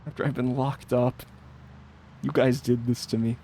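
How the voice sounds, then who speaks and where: A man's voice: medium pitch, level tone, normal speed, mellow, slight background noise. A man chatting loosely as he streams a game, with a mid-range voice. He laughs often and mocks himself. He argues with his chat in a playful, mock-defensive tone. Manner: joking, self-mocking, laughs often. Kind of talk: casual live game-stream commentary.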